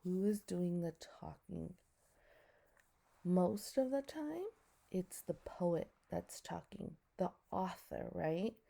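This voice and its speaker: A woman's voice: fairly low pitch, expressive, slow pace, creaky, warm tone. A woman teacher giving a recorded lesson to her students, explaining patiently step by step and asking them questions.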